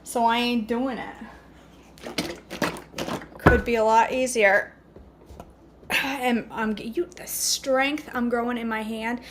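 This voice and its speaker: A woman's voice: on the high side, fairly even intonation, slow pace, pauses often, slight background noise. Chatty woman cooking at home. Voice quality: chatty, self-mocking, talks to viewers by name. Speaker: cooking vlogger. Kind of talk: casual kitchen chat to live viewers. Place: home kitchen.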